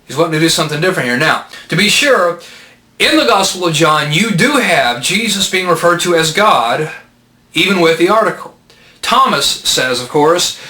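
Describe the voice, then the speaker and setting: A man gives a methodical Bible lesson, working patiently through grammar and posing questions to his listeners. His voice sits a little high and sounds bright and forceful. The recording carries a clear echo from the room. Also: lively intonation, moderate pace. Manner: methodical, patient, explains step by step with rhetorical questions. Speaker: Bible teacher. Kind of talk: explanatory lecture.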